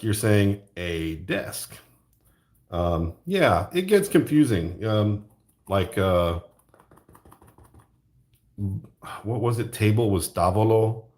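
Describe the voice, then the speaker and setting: A young man with a Southern US accent chats loosely on a livestream, talking in a lower-pitched voice. He rambles, stops to answer chat, and laughs along as he goes. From American South. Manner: rambling, chatty, pauses to read chat, laughs often. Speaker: livestream host. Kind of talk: casual livestream chat while drawing.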